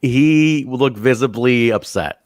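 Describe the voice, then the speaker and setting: A man's voice: mid-range voice, slow pace, no room sound. A man co-hosting a casual wrestling review chat, telling stories with a laugh. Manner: laughing, animated storytelling with mock quotes. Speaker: podcast co-host.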